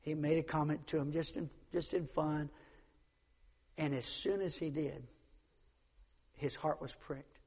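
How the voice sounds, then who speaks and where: A man's voice: on the high side, steady tone, measured pace, pauses often, darkish tone, breathy edge, big-room sound. A man preaching a sermon, emphatic, repeating his points and acting out the people in his stories. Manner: emphatic, repeats phrases, acts out quoted voices.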